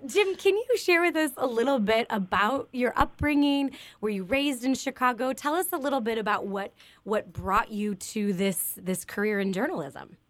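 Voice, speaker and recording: A woman hosting a charity radio show, upbeat and quick to laugh as she introduces and questions a guest. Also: a little high, dry recording. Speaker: radio host.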